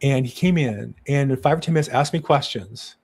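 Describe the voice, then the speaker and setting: A man's voice: mid-range voice, fairly quick, a little mellow, slightly rough. A man hosting a conversational interview, chatty and affirming, who laughs easily and tells stories. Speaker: interview host.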